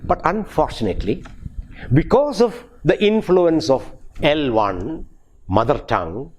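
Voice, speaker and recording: A man's voice: a little high, big pitch swings, measured pace, a little mellow, a little hiss or hum. A man with a Malayali English accent, a professor giving a recorded pronunciation lecture, who repeats and restarts his phrases and spells out example words letter by letter. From Kerala, India.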